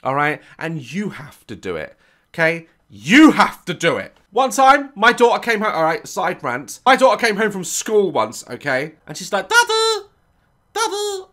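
A man in his thirties tells a story with a bright, sharp tone and a pitch that jumps all over. He rants and swears for comic effect as he chats through a reaction video. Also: sing-song, moderate pace. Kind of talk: casual reaction commentary and storytelling.

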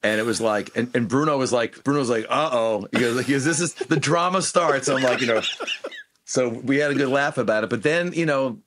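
A man being interviewed as a guest guitarist, telling animated anecdotes and acting out what people said. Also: medium pitch, brisk. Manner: animated anecdotes, acts out quoted voices. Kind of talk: casual interview storytelling.

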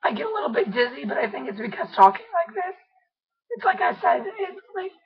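A young woman with laryngitis, her voice hoarse, squeaky and scratchy, pushing it to half-yelling and a little breathless as she chats casually in a video diary. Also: sing-song, fairly quick, muffled recording. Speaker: vlogger.

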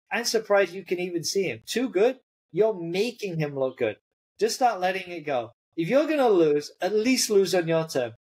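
A man acts out a furious tennis coach who finally loses his temper, yelling well above his normal pitch. The voice is loud and exasperated, blasting out blunt orders. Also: slightly rough, heavily acted. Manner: shouting, exasperated.

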